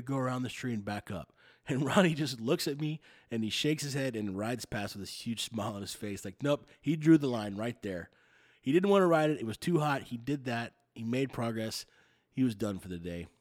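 A middle-aged man from the United States telling everyday stories in a casual, self-mocking way. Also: medium pitch. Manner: animated, self-mocking storyteller. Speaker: vlogger. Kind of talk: casual storytelling.

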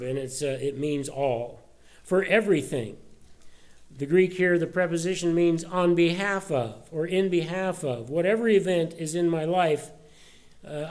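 A man's voice: on the high side, dark tone. A middle-aged man preaching a sermon, reading Bible verses aloud with rising force and then explaining them plainly. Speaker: pastor.

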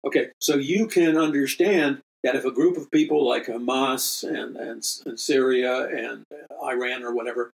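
Guy preaching on prophecy, reads from his book, keeps restarting words, mid-pitched voice. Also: fairly even intonation, normal speed, gravelly, rough recording. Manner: earnest, emphatic, with frequent restarts and repeated words. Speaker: prophecy minister and radio host. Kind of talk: reading from his own book with commentary.

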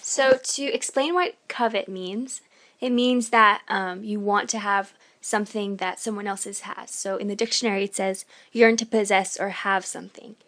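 A woman's voice: mid-range voice, steady tone, moderate pace, fairly bright tone. Woman co-host explaining Bible terms. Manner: careful, reads dictionary definitions aloud, uses fillers. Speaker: podcast co-host. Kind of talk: explaining Bible verses on a podcast.

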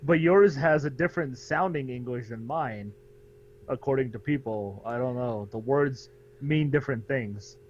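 An American man co-hosting a podcast, teasing and animated, swearing freely in casual chat. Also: medium pitch, moderate pace, breathy edge, lo-fi sound. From United States. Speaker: podcast co-host.

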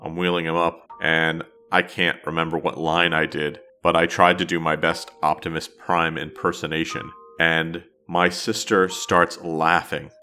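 A man's voice: deep voice, little pitch movement, unhurried, few pauses, pushed and bright, slight background noise. A man from New Jersey hosting a podcast, telling a wry, self-deprecating story in scripted narration. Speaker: podcast host.

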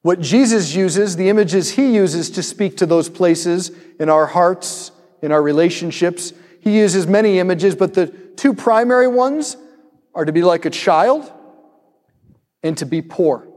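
A high-voiced man preaches to his listeners in a lively storytelling manner, repeating questions for emphasis. His voice rings through a large hall with long reverb. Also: a little slow. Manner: storytelling, animated, rhetorical repetition. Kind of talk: sermon.

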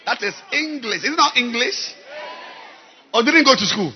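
A male pastor preaching a sermon, shouting and exhorting the congregation with a husky voice. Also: very high voice, expressive, normal speed, lo-fi sound, slight background noise. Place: church service. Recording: echoey church hall, crowd faint.

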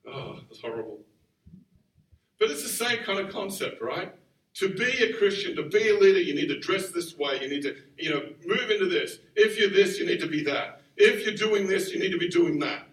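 Male preacher, chatty and animated, higher-pitched voice, roomy distant recording. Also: moderate pace. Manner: animated, conversational, acts out quotes. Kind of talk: sermon. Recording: roomy sound from far off the mic.

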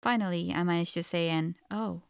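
A woman's voice: fairly low pitch, a little fast, dry recording, clean studio sound. Earnest woman narrating a first-person audiobook.

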